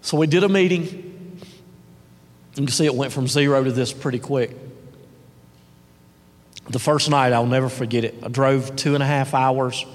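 A man telling his business story as a motivational testimonial, earnest and swinging between loud and hushed. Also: mid-range voice, moderate pace, long pauses. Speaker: marketing director giving a testimonial. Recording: long hall reverb.

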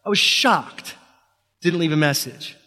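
A fairly high-pitched man tells a personal story on a stage, his words ringing with the long reverb of a hall. He halts and restarts often and leans on repetition to build tension. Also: unhurried, bright, forceful tone.

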